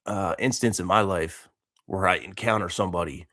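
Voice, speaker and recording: A man in his early thirties talks through a loose, motivational monologue, rambling and laughing between thoughts with easygoing slang. His voice sits low and deep, and the recording is dry and close with little room sound. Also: normal speed, pushed and bright, dry recording. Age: 30s. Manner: rambling, laid-back, laughs often, dude slang. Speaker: vlogger and coach.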